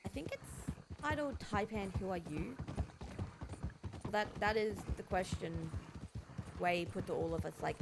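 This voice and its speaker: A woman's voice: mid-range voice, gravelly, background noise. A woman streamer rambling casually to her viewers while she plays, telling stories from her game. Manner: chatty, rambling, recounts scenes with quick voice changes.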